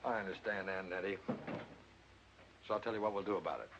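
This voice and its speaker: A man's voice: deep voice, quick pace. An actor playing an earnest, decisive young man who inherits a horse farm, in a 1940s film. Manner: earnest, decisive, plain-spoken. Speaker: horse owner. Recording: muffled old film soundtrack with faint hiss.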